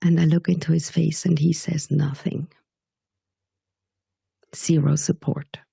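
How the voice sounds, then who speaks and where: A woman from Switzerland, a podcast guest telling her story in a slow, measured way that sometimes drops to a whisper. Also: sits low, level tone, vocal fry, warm tone, husky, no room sound.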